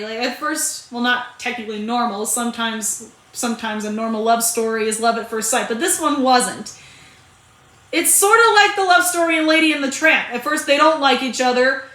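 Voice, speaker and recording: Woman, casual movie reviewer, high and bright, chatty, keeps restarting her sentences, echoey room. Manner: chatty and rambling, with frequent restarts and laughs.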